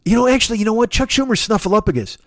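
A man hosting a podcast, delivering a profane, exasperated comedic rant in an animated, sweary way. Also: high-pitched, rapid-fire, dry recording, clean studio sound. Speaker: podcast host.

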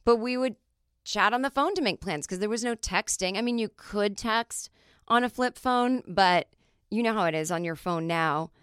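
A middle-aged woman hosting a podcast, telling stories in a chatty, animated way with lots of fillers. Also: medium pitch, moderate pace, clean tone, dry recording, clean studio sound. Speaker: podcast host. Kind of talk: casual comedic monologue.

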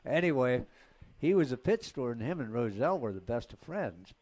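A man's voice: mid-range voice, sing-song, a little fast, a little mellow. Older male guest, ex-racer, casual rambling storyteller with a middle-range voice who chuckles as he goes. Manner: rambling anecdotes, chuckles between lines. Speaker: guest, former race car driver.

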